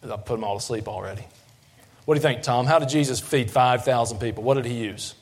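A man preaching a sermon, folksy and questioning the congregation, building up in intensity. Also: quick pace. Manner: folksy, asks the congregation questions, rises in pitch and force when preaching. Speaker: pastor.

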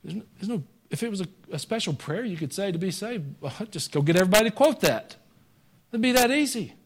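A man with a notably high voice delivers a sermon in a church, talking to the congregation like a neighbor. He punches some lines out hard, then drops to quiet, dry jokes. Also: animated, fast. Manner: conversational preaching that swings between loud emphatic lines and quiet wry asides; joking. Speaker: pastor. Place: church sanctuary.

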